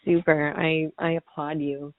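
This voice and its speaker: A woman's voice: low-pitched, level tone, measured pace, no echo. A woman guest talking casually and reflectively, thinking aloud and often saying "like". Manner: rambling, reflective, many "like" fillers. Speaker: podcast guest. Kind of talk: casual chat. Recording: tinny phone-like line.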